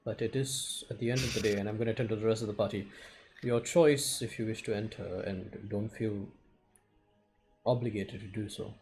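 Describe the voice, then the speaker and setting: Male player, mellow voice, courteous and a little halting. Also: on the low side, fairly even intonation, a little hiss or hum, low-quality recording. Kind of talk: tabletop role-play.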